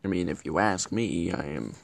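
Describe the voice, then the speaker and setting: Deep and gravelly, a man's voice moves at a moderate pace as he plays the bumbling, scheming villain host of a comedic web show. In this character vlog he rambles, stumbles and corrects himself.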